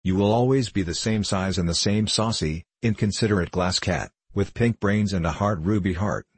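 A man's voice: fairly low pitch, normal speed, breathy edge, no room sound. A man reading a stern old magician.

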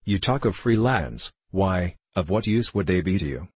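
A man's voice: low-pitched, lively intonation, darkish tone, slightly rough, dry recording. A man reading as an earnest pleading old father. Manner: earnest, beseeching, measured. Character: stern pleading elderly English father.

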